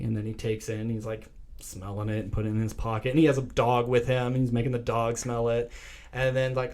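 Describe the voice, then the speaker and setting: A man hosting a podcast, casually recapping a film's plot with animated storytelling, swearing and acting out quoted lines. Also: medium pitch, brisk. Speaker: podcast host.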